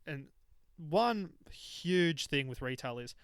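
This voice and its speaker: Smooth-voiced man chatting. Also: fairly high pitch, takes it slowly, dry recording. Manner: animated storytelling. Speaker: podcast co-host. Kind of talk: casual chat.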